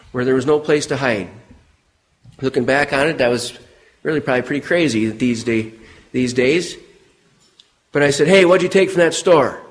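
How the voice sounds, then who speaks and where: A middle-aged American preacher delivers his sermon in an earnest, storytelling way. His voice sits fairly high, and on the solemn words it sinks low and goes quiet. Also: poor audio.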